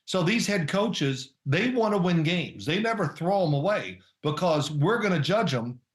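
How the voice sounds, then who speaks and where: In this casual interview, a former quarterback, now older, wanders through stories with frequent chuckles. He speaks at a moderate pace in a fairly high, lively voice, with noticeable reverb.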